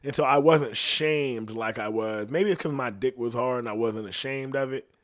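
Young male guest, casual, profane storyteller with a middle-pitched voice. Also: moderate pace. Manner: profane, animated, drops to low tones for tension.

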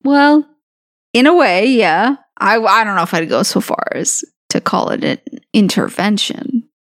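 A woman player in a tabletop game, roleplaying her character in a hesitant, word-searching way. Her voice is slow and gravelly with lively pitch, recorded dry. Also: no echo.

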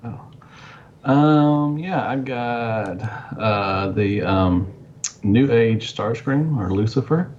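A man co-hosting a casual podcast, talking haltingly with many fillers. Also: mid-range voice, animated, a little mellow, lo-fi sound, a little hiss or hum. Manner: halting, full of fillers, enthusiastic. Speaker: podcast co-host. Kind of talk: casual chat.

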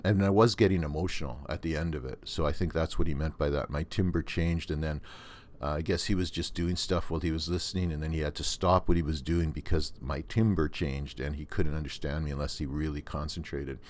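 Very deep-voiced older Canadian man. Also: fairly even intonation, fairly quick, darkish tone, slight background noise. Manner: rambling, with many restarts and fillers. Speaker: podcast host. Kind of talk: casual monologue.

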